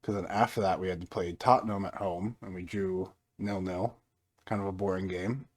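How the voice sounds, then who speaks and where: Low-key man commentating his own game. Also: moderate pace. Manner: mostly flat and low-key, jumping up excitedly at goals; self-described monotone delivery. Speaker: gaming YouTuber. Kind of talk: casual gameplay commentary.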